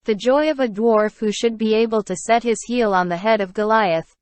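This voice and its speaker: A woman narrating an audiobook of a classic novel with steady, unhurried reading. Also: fairly high pitch, no echo. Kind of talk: scripted narration.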